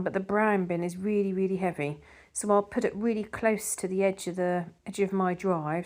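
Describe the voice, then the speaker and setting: A woman's voice: mid-range voice, a little mellow. Chatty woman garden vlogger. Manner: chatty, rambling with fillers. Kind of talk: casual vlog narration.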